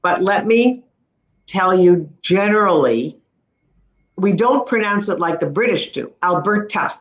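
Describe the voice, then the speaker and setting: Teaching pronunciation, a middle-aged Canadian speech-language pathologist speaks in a crisp, instructive manner and slows to model each word with care. Her mid-range voice has lively intonation, and noticeable room echo is audible.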